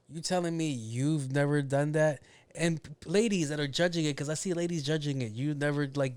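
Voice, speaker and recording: A man's voice: a little high, a little mellow, no room sound. Profane, blunt man ranting on a podcast. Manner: talks to himself about his own filming mistakes. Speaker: podcast host. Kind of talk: casual solo podcast rant.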